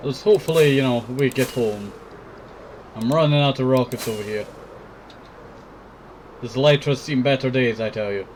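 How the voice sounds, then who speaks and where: A man's voice: mid-range voice, moderate pace, pauses often, darkish tone, slight background noise. A sick man with a cough, rambling casually while commenting on his own gameplay. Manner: rambling, keeps saying "I tell you". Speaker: gameplay video host.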